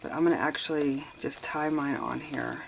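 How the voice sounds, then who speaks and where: A woman chatting casually as she crafts, thinking out loud and sniffling a bit. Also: low voice, normal speed, vocal fry, husky. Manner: chatty, thinks aloud while crafting, addresses viewers as you guys. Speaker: craft tutorial host. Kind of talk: casual crafting tutorial chat.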